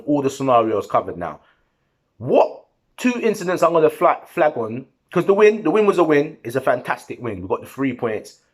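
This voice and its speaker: A man's voice: medium pitch, breathy edge. A man giving a heated, slangy post-match football reaction, talking to the camera. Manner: animated, heated, slangy and repetitive. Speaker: football fan vlogger.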